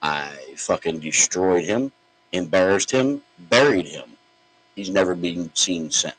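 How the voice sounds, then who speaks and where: A man's voice: sits low, expressive, a little slow, fairly bright tone, breathy edge, low-quality recording. A man hosting a podcast, ranting in a blunt, profane, mocking way. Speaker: podcast host. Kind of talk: opinionated podcast rant.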